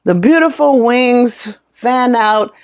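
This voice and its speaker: A middle-aged woman casually retelling a story in an animated way, exclaiming often. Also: fairly high pitch, slow, clean tone. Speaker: vlogger.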